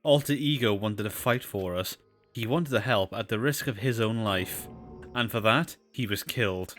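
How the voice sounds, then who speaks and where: A man voicing an earnest, grieving teenage boy hero in his own bright voice, indignant. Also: medium pitch, very animated, slow pace, faint music behind.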